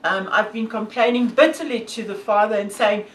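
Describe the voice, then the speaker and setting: With a medium-pitched voice at normal speed and hardly any pauses, a South African woman, a hiker and vlogger with a South African accent, speaks earnestly and devoutly to camera in a casual way, using lots of fillers. It's a rough recording: roomy sound, a distant mic, and slight background noise.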